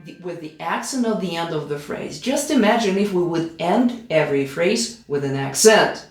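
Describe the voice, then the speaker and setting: A woman's voice: on the low side, expressive, normal speed. A woman teaching piano in a play-along tutorial, giving patient step-by-step instructions. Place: room with a piano. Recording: roomy room with piano playing. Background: piano playing.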